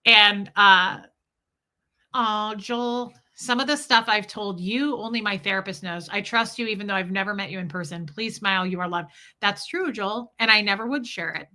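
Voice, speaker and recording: A woman's voice: mid-range voice, moderate pace, bright, forceful tone. A woman vlogger telling a story to her viewers and answering their comments in a candid, chatty way, often laughing and addressing the audience.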